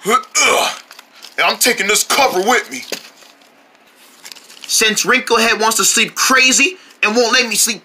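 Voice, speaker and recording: A performer plays a grumpy cartoon kid who just wants to sleep. The voice swoops widely while dragging along at an unhurried pace, and the tone is piercingly bright. Every grumble sounds fed up and exasperated. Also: mid-range voice, slight background noise, exaggerated voice. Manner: grumbling, exasperated, sings a whiny complaint. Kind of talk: cartoon voice acting.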